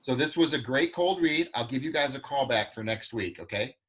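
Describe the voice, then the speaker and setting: A man running an acting class over a video call, speaking at a middle pitch. He gives students direct, encouraging notes and practical tips about staying in character. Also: lively intonation, fairly quick, a bit bright. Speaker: acting coach. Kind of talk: online acting class feedback.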